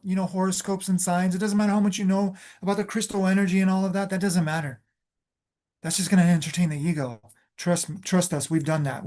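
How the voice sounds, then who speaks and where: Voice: mid-range voice, a little mellow. Emphatic spiritual coach talking. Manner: emphatic, repeats phrases for stress; loose, filler-heavy delivery. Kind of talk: motivational talk.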